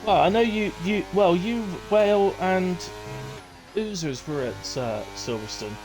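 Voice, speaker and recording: A middle-aged man chats through a sim-racing live stream in a loose, unscripted way. He rambles, restarts his sentences and fills gaps with ums and uhs. A faint hiss of noise sits under his mid-pitched voice. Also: lively intonation, measured pace, a little mellow. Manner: rambling and self-deprecating, with many fillers and restarts. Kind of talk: casual live-stream commentary.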